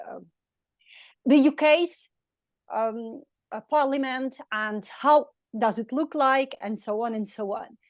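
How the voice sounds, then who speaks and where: A woman's voice: on the high side, no room sound, muffled recording. Middle-aged woman, ukrainian accent, careful answer, dry sound. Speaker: meeting participant. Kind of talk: impromptu answer.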